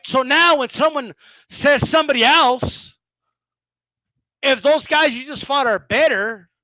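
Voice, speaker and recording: A man with a very high, sharp voice hosts a boxing commentary rant, mocking and profane. His pitch leaps around constantly. The sound is close and dry, with no room in it. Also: no echo. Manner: animated, profane, mocking, frequent laughs and "bro". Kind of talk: casual ranting commentary.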